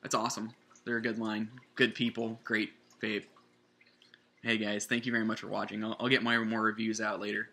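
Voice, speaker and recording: A man's voice: on the low side, little pitch movement, a little fast, sharp tone. A man rambling casually through a product review, correcting himself often and circling back to his points. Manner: rambling, self-correcting, chatty. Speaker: vape juice reviewer.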